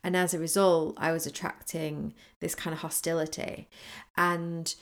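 Rambling woman telling a story, lowish voice. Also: little pitch movement, normal speed, fairly bright tone. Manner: rambling, storytelling with many fillers and restarts. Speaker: manifesting coach. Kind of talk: casual solo podcast talk.

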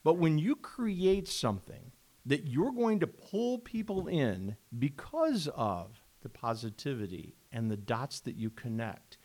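A man co-hosting a casual podcast chat, talking with big swings of pitch. His voice sits a bit high for a man, and he exclaims a lot and breaks into laughter as he talks. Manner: animated, exclaims often, bursts into laughter. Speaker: podcast co-host.

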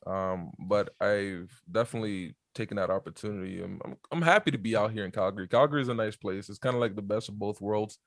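A man's voice: fairly low pitch, quick pace, hardly any pauses, no room sound, studio quality. A man, a pastor chatting easily as a podcast guest and laughing often. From New York, USA. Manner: relaxed, easygoing, laughs often. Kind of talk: casual interview chat.

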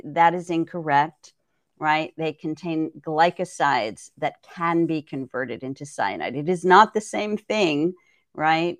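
A woman's voice: deep voice, dry recording, studio quality. A woman herbalist guest on a podcast, explaining things thoughtfully and often checking in with "right?". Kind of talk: conversational podcast interview.

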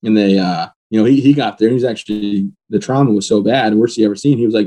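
A man in an interview, bluntly retelling the day he was badly wounded, matter-of-fact and steady. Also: on the low side, fast, few pauses. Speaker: guest. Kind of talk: personal storytelling in an interview.

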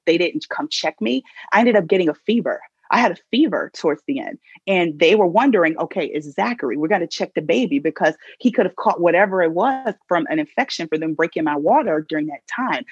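A woman guest telling a personal story in an animated way, laughing as she goes, on a dull lo-fi recording. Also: fairly low pitch, breathy edge, dry recording. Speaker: podcast guest.

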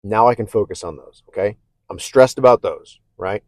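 A man's voice: lowish voice, normal speed, darkish tone. A man hosting a casual self-help podcast monologue. He talks candidly and reflectively, with stammered restarts, and keeps checking in with "okay?". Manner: conversational, often checks in with "okay?". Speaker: podcast host.

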